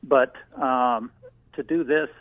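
A man calling in to a radio show as a small business owner, talking in halting restarts. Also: medium pitch, steady tone, no room sound. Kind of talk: call-in conversation. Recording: phone line.

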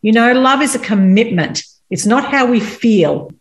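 A woman's voice: on the high side, animated, moderate pace. A woman speaking on marriage from a Christian view, earnest and candid as she tells stories from her own marriage. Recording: roomy echo.

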